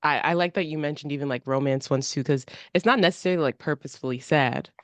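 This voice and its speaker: A woman's voice: sits low, quick pace, no echo. A woman co-hosting a casual podcast chat, asking questions in a chatty way with many fillers and frequent laughs.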